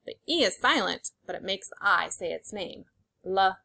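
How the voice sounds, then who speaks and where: Teaching phonics to young children, a young woman pronounces every letter sound slowly and distinctly and praises them warmly. Her voice is medium-pitched with lively intonation and a bright, forceful quality.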